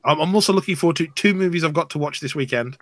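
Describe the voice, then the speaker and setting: Man, chatty, fairly high voice. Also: rapid-fire, fairly bright tone, slight background noise. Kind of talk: casual chat.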